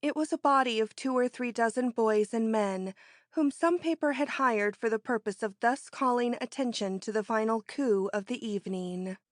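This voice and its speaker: A woman narrating an audiobook in a measured, even storytelling manner. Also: a little high, no echo, studio quality. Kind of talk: scripted narration.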